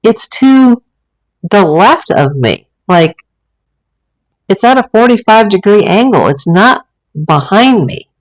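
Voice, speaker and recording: A woman's voice: medium pitch, big pitch swings, takes it slowly, long pauses, low-quality recording. A woman hosting a casual livestream from a room at home, talking in a rambling, chatty way with many fillers. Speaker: livestream host. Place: home room with a green screen and ring light.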